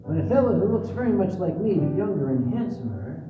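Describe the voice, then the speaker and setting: A man's voice: sing-song, fast talker, recorded from a distance, lo-fi sound, noisy background. Theatrical man telling stories in a hall. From Canada. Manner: theatrical, swings from hushed asides to booming shouts. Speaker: storyteller. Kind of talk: live comic storytelling. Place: convention event room.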